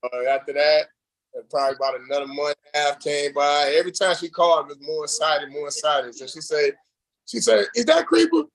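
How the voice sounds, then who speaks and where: Man, slightly high voice, reality show contestant, casual interview, animated storyteller, does voices for quoted people. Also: fast, rough recording. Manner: loose and rambling with many fillers.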